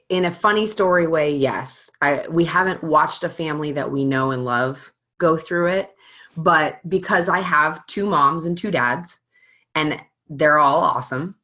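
A woman in her thirties, a mother of young children, chatting casually and telling a family story in an animated, self-mocking way. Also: deep voice. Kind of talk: casual chat.

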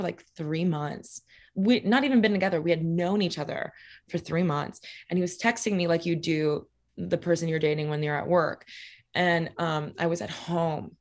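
A young adult woman shares personal stories as a guest in a casual conversation. Her voice sits slightly low for a woman. She speaks candidly with many "like" fillers and frequent swearing, and she acts out what people said.

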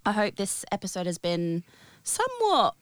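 A woman's voice: mid-range voice, wildly swooping pitch, moderate pace, no echo, studio quality. A woman co-hosting a casual podcast, playful and jokey, often laughing between lines. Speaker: podcast co-host.

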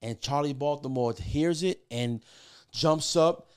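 A man's voice: a little high, takes it slowly, clear, resonant tone. Middle-aged man telling loose, profane stories. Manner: profane, loose, filler-heavy with many restarts. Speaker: podcast guest, music producer. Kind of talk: casual storytelling.

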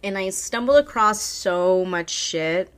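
A woman podcast host with a smooth, mid-range voice speaks slowly into a foam-covered podcast mic. Her talk is loose, rambling, casual chat, and she swears freely.

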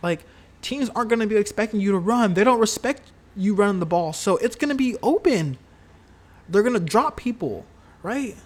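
A man's voice: high-pitched, animated, normal speed. A man talking casually about his football team, heated and profane, rambling with lots of fillers and repeated words. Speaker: sports fan commentator. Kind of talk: casual solo sports talk.

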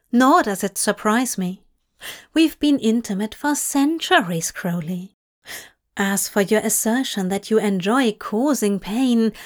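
A prim, earnest male angel, fretful and fussy in an old-fashioned way, as a woman puts him on. He speaks high and slow, unhurried in his storybook reading.

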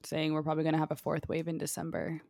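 A woman's voice: low voice, monotone, fast, creaky, a little mellow, slight background noise. A young woman co-hosting a podcast in casual chat, talking loosely with lots of "like" fillers. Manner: chatty, heavy on filler "like". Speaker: podcast co-host.

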